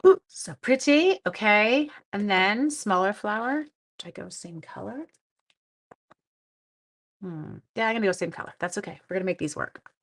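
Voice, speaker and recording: A woman's voice: medium pitch, normal speed, long pauses, fairly bright tone. A middle-aged woman hosting a casual craft live stream, chatting to viewers and greeting them by name as she works. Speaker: stamping demonstrator and live stream host.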